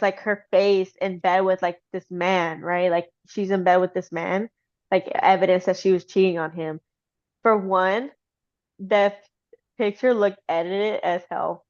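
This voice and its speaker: A woman hosting a casual chat, retelling a story in an animated way with many "like" fillers. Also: mid-range voice. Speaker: host. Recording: slightly dull lo-fi sound.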